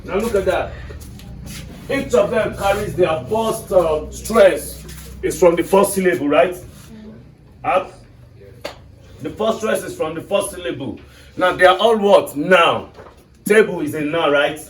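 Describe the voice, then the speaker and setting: A man's voice: sits high, measured pace, pauses often. A man with a Nigerian accent teaching an English class, quizzing his students with questions. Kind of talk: classroom lesson. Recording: echoey classroom, mic far off, faint noise.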